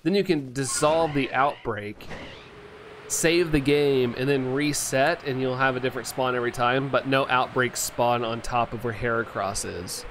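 A man's voice: medium pitch, moderate pace, fairly bright tone. Young man, game streamer, casual rambling chat, lots of fillers, faint background hiss. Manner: rambling, filler-heavy, laughs often. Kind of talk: casual chat while playing, reading chat.

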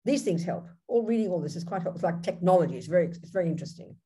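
A woman with an Australian accent, a Buddhist nun teaching and answering questions on a video call in a direct, animated way. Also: fairly low pitch, rapid-fire, breathy edge. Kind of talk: dharma teaching with Q&A.

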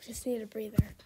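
A woman's voice: fairly high pitch, heavy background noise. A young woman giving casual, dramatic gameplay commentary, laughing often and exclaiming. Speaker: gaming video creator.

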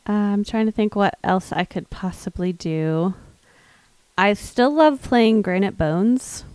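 A woman's voice: mid-range voice, takes it slowly, a little mellow, no room sound, low-quality recording. A woman musician from the American South, with no regional accent, hosting a livestream. She talks in a rambling, thoughtful way between songs, with lots of fillers, and reads out viewer comments. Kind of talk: casual chat between songs.

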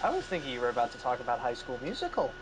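A man's voice: mid-range voice, huge pitch swings, noisy background. Jokey man with a wildly swinging voice. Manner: quick jokey interjections. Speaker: podcast co-host. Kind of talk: casual movie chat.

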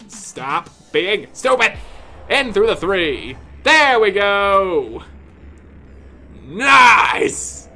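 A man commentating his own gameplay, yelling and cursing at the game in frustration, with mock-pompous outbursts. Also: high-pitched.

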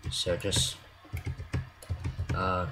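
A man's voice: low-pitched, monotone, extremely slow, low-quality recording. A man rambling self-consciously in casual commentary while he builds in a game. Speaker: game creator. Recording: clear mouse clicks and typing.

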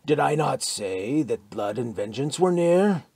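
Brooding giant Norseman prophet, low muttering and hushed half-whispers, dry close sound, a male narrator puts him on. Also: expressive, measured pace, gravelly, slightly rough, no echo, heavily acted. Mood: exultant. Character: giant fanatical Norwegian man, brooding prophet. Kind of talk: audiobook character voice.

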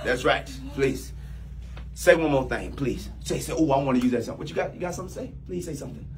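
A man playing a new boss in a comedy sketch, bossy, loud and teasing, with big swings in pitch. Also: lively intonation, fast talker, slight background noise.

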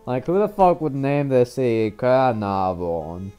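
A man's voice: mid-range voice, sing-song, a little slow. A man joking and swearing in casual chat with friends while playing a strategy game. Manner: profane, joking commentary. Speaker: game player. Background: game music.

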